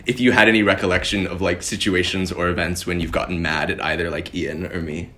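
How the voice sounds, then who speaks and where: Deep-voiced young male podcast co-host. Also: little pitch movement, brisk, bright, forceful tone, slight background noise. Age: young adult. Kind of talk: casual chat.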